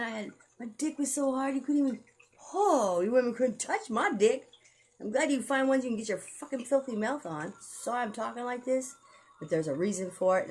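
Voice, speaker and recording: A woman's voice: medium pitch, darkish tone. A woman telling a rambling personal story to camera, blunt and profane, heated as she goes.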